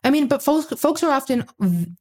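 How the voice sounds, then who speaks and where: A woman's voice: high-pitched, animated, a little fast. A woman giving relationship advice in a casual conversation, explaining step by step and often checking in with "right?".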